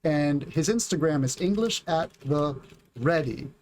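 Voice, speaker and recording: A man from the United States, middle-aged, teaching a casual English lesson on a livestream, reading chat and drilling pronunciation slowly and clearly. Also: fairly high pitch, expressive, darkish tone, a little hiss or hum.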